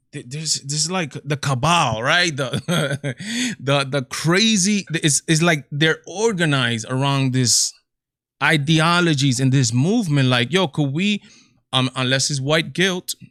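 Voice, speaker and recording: A man's voice: mid-range voice, fairly bright tone, no room sound, studio quality. A man with a Latino accent hosting a political commentary livestream, exasperated and incredulous, firing off rhetorical questions. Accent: Latino English. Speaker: show host.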